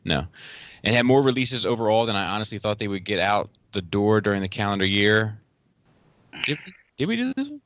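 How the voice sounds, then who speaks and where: A very low-voiced man co-hosts a relaxed group podcast and reads out listener mail. He talks loosely and restarts his sentences. The sound is dry and close. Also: fairly quick, no echo, dull audio. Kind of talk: casual group chat.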